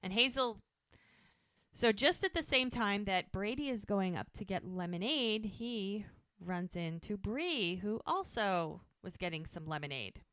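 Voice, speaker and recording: A woman's voice: medium pitch, lively intonation, measured pace, a bit bright, no echo. A woman co-hosting a podcast, casually retelling a TV episode and acting out the characters' lines with lots of "like". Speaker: podcast co-host.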